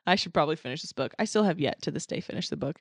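A woman co-hosting a podcast in casual chat, telling stories in an animated way and laughing often. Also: deep voice, racing, slightly rough, no room sound, studio quality. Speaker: podcast co-host.

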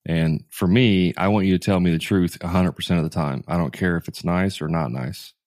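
Deep-voiced male co-host coaching contractors, blunt and emphatic, hammers his points home. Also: fairly quick, darkish tone. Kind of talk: casual podcast conversation.

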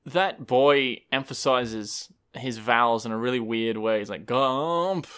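A man's voice: mid-range voice, steady tone, unhurried, a bit bright, clear, resonant tone. A man in a casual, thoughtful conversation about a film. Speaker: podcast co-host discussing a film. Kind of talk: casual chat.

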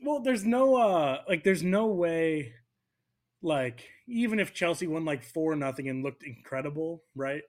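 Brief: young American man, podcast co-host, fairly high voice, animated jokey banter. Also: a little slow. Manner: animated, joking, jumps between voices for bits. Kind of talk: casual sports chat.

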